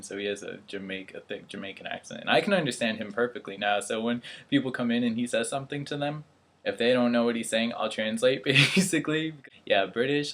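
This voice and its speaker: A young man talking casually to his camera, wandering from point to point. He pokes fun at himself and laughs at his own slips, in an ordinary mid-pitched voice. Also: fairly bright tone. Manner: rambling, self-deprecating, laughs at himself. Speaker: vlogger, airman. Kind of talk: casual vlog chat.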